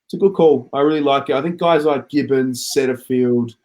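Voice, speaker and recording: A man's voice: medium pitch, a little fast, darkish tone. Chatty man reading comments. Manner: chatty, reads viewer comments aloud. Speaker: podcast host reading comments. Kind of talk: casual footy chat.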